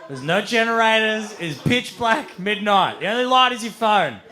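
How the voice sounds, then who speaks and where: Bright-voiced stand-up comedian. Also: male voice, high-pitched, normal speed, slight background noise. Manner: animated, swearing, building to shouts. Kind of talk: stand-up storytelling. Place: comedy stage.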